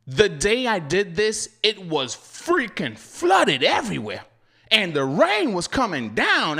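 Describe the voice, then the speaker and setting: A man's voice: high voice, pushed and bright. A man hosting a delivery-driver channel, talking casually with viewers, laughing often in slangy banter.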